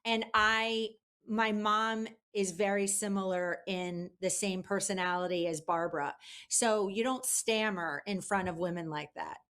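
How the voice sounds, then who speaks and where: A woman guest in a casual interview, telling an animated story with lots of fillers. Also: mid-range voice, a little slow, clear, resonant tone. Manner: chatty, animated, many fillers. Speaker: guest, publicist.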